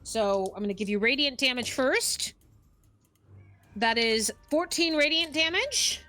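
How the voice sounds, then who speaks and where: A woman's voice: sits high, animated, unhurried, pushed and bright. A woman narrating as game master of a tabletop game, upbeat and often laughing.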